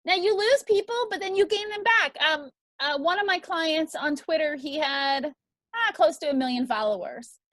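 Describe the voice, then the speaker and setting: High-voiced upbeat woman teaching. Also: moderate pace, a bit bright, no room sound. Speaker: crowdfunding instructor. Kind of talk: teaching a class.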